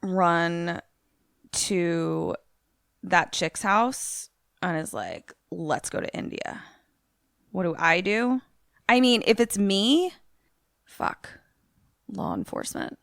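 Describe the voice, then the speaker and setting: A woman's voice: lowish voice, sing-song, takes it slowly, vocal fry, long pauses, a bit bright, no room sound, studio quality. A woman co-hosting a podcast, joking and swearing as she plays out what she would do. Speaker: podcast co-host. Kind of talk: casual podcast chat.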